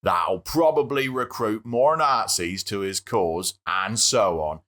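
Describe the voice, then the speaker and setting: A man's voice: fairly low pitch, slow pace, bright, forceful tone. A man playing a self-important actor giving warnings. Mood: grave. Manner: self-important, keeps repeating his own name. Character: pompous actor who delivers warnings from the moon.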